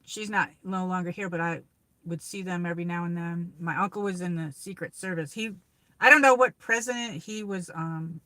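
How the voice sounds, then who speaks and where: A woman's voice: fairly low pitch, normal speed, pushed and bright, dry recording. A woman from New York with a New York accent hosting a casual livestream chat, rambling and reading viewer comments aloud. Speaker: livestream host. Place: car on a drive.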